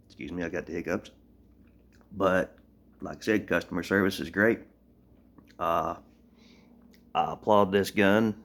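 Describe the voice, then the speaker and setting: Man from Tennessee, very low voice, plainspoken vlogger filming on a phone, rambling and blunt. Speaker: gun owner vlogger. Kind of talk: casual show-and-tell gun review.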